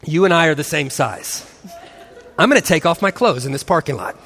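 Animated man in his forties, high voice, long reverb, storytelling talk with acted voices. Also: a little fast, noisy background. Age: 40s. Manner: animated, acts out voices and laughs often. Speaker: christian speaker and husband.

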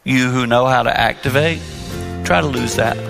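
A middle-aged man giving an earnest sermon-style talk to a live audience, sometimes dropping to a soft hush. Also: medium pitch, moderate pace, vocal fry, over loud music. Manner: earnest, drops to a soft hush when acting out calm replies. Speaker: marriage speaker.

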